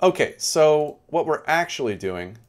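A man's voice: fairly high pitch, measured pace, a little hiss or hum. A young man giving chatty live game commentary, talking to his chat as he plays. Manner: chatty, animated, talks to chat. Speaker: streamer.

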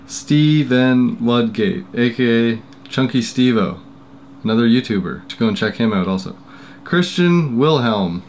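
A man's voice: medium pitch, slight background noise. A man casually reading out a list of names in a workshop vlog, stumbling over pronunciations with self-deprecating asides. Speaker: maker YouTuber.

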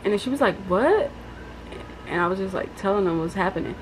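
A young woman telling a story in a casual vlog, chatty and animated, with lots of fillers. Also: mid-range voice, quick pace, low-quality recording. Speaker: vlogger. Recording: faint background noise.

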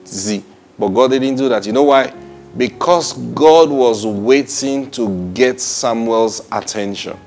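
Guy preaching a bible lesson, animated, keeps repeating himself, soft music low behind him. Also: takes it slowly. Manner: animated and repetitive, often saying "praise God" with short laughs. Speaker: Bible teacher. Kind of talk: sermon-style Bible teaching.

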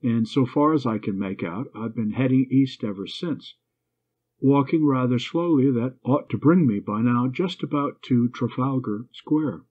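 A brisk, good-humored young gentleman from an old story, as a man reads him out. The voice stays close to the reader's own, husky and steady. The recording is narrow and tinny, like a phone line. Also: mid-range voice. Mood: reassuring.

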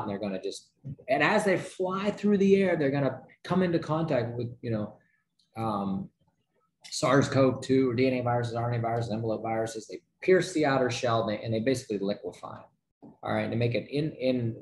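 A man coaching a sales team in a pumped-up pep-talk style, firing off rhetorical questions and tag questions. His voice sits at an ordinary middle pitch. The room carries a noticeable echo, with a faint hiss underneath. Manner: energetic, pep-talk delivery with rhetorical questions and frequent "right?". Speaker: sales trainer. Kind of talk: motivational sales training talk.

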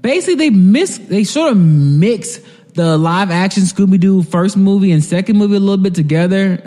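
A man's voice: high-pitched, lively intonation, normal speed, dark tone, in a large hall. A man co-hosting a podcast, retelling a TV episode in loose, profane, laughing casual chat. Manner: profane, rambling, laughs while retelling scenes. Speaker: podcast co-host.

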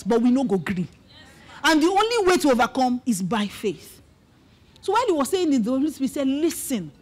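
A middle-aged Nigerian woman pastor giving an animated testimony sermon, mixing in Pidgin asides as she tells her story. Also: high voice.

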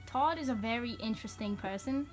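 A young woman vlogging in a deliberately bad put-on Australian accent, joking and swearing freely. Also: on the high side, soft background music. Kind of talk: casual vlog chat.

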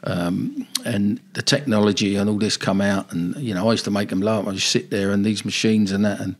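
A man's voice: on the low side, fairly quick. An older man, a former football manager, telling rambling anecdotes in a casual interview.

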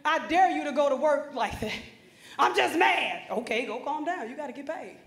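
A female motivational speaker delivers a conference speech in a high, ringing voice at a fairly quick pace. Emphatic and preacherly, she speaks straight to a room of students, her voice echoing through the large hall.

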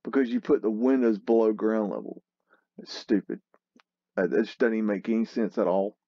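A man hosting a casual photo tour, slowly musing and exclaiming at what he sees. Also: fairly low pitch, fairly even intonation, no room sound, muffled recording. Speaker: host narrating a photo tour. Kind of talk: casual commentary over photos.

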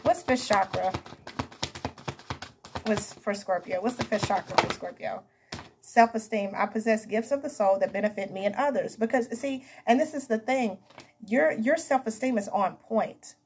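A woman's voice: fairly high pitch, normal speed, background noise. A woman giving a casual tarot reading to camera, chatty and emphatic, calling her viewers honey and baby. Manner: emphatic, repeats herself. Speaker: tarot reader.

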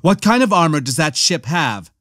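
A man voicing a commanding young woman agent, raising his pitch and clipping his words. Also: sing-song, normal speed, sharp tone, no echo, clean studio sound, full character voice. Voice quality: raised pitch, clipped and demanding.

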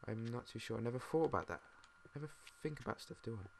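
A British man mumbling and thinking out loud, swearing now and then as he plays a game. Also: mid-range voice, expressive, fast talker, vocal fry. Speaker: gamer. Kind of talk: casual let's-play commentary. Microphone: desk mic. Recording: noisy home mic with mouse clicks.

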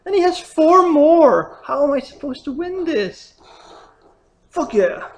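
A young gamer narrating a challenge run live from a room at home. The voice swings widely between drawn-out low mutters and sudden loud, swearing outbursts. Faint noise sits behind it. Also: sing-song. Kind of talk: live let's-play commentary. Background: faint noise, dogs at times.

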